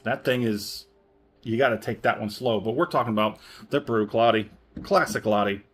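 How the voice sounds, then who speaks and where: A man's voice: lowish voice, moderate pace, fairly bright tone, husky. A man reviewing a whisky in a casual, rambling way, often correcting himself and chuckling. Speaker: spirits reviewer.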